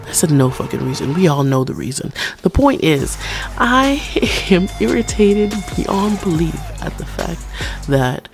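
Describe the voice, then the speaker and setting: A woman's voice: deep voice, creaky, a little mellow. A woman vlogger on an off-the-cuff rant, rambling, swearing freely and putting herself down in a blunt, frank way. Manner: rambling, profane, self-deprecating. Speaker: PNGtuber vlogger.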